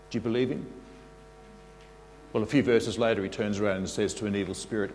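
A man's voice: mid-range voice, brisk, slight background noise. Guy preaching to a congregation, gets them to repeat after him, big hall reverb. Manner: animated, leads the congregation in call-and-response. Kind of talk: sermon. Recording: long reverb of a large hall.

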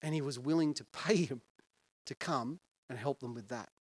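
A man's voice: medium pitch, normal speed, breathy edge, no room sound. A male pastor preaching a sermon in an earnest, conversational way and putting questions to his listeners.

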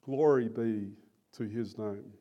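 A man voicing a dying old man who speaks solemnly and slowly of his faith and of going home to heaven. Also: on the low side, warm tone, lo-fi sound, voice pushed down. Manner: solemn, slow and exalted.

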